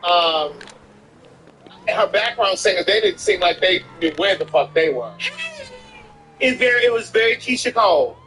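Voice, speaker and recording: High-voiced opinionated man chatting. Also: expressive, moderate pace, pauses often, sharp tone, slight background noise, poor audio. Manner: opinionated, emphatic, repeats himself. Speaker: streamer co-host. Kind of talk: casual chat while gaming.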